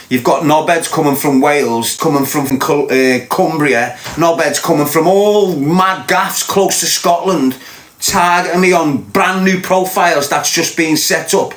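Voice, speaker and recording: A man's voice: a little high, fairly bright tone, roomy sound. A man with a Liverpool accent telling a heated, insistent story as a podcast host. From Liverpool, England. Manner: ranting, fired-up, insistent.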